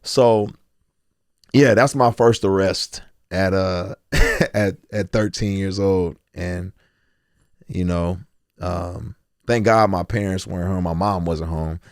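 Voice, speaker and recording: A man's voice: low voice, takes it slowly, smooth, dry recording, studio quality. A man in his forties, a guest telling his life story candidly and acting out the voices of others. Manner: animated storyteller, acts out quotes.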